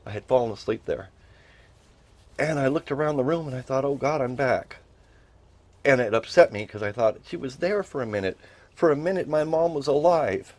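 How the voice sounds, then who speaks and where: A man's voice: mid-range voice, expressive, normal speed. A middle-aged man telling a personal story with emotion, earnestly repeating phrases and rising into pleading.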